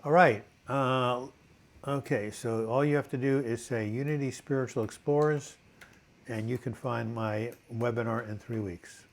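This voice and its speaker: A man's voice: mid-range voice, measured pace. An older man hosting a casual live video chat with a dry cough, reading viewers' comments aloud and telling corny jokes.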